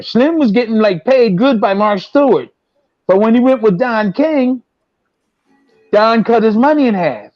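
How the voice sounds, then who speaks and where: A man's voice: high voice, a little mellow, no room sound. A man in his sixties, a former boxer, telling long rambling stories and repeating himself as he acts out quotes. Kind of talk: casual storytelling. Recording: dull, dry lo-fi sound.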